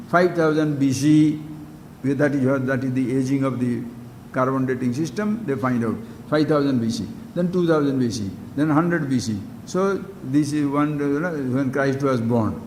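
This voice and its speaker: A man giving a spiritual discourse as a teacher, speaking emphatically and putting questions straight to his listeners. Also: moderate pace. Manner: emphatic, questions listeners directly, wide swings in pitch and loudness. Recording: long hall reverb with faint background hiss.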